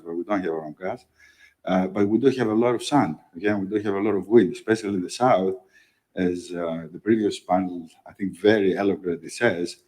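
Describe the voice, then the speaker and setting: A man, a company executive answering in a panel interview, talking haltingly with many fillers and emphatic "okay?" tags. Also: deep voice, a little mellow, poor audio. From Greece.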